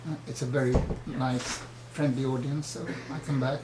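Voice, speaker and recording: An older man answering interview questions firmly and insistently, often halting mid-sentence. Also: medium pitch, little pitch movement, roomy sound, heavy background noise. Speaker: party chairman, interview guest.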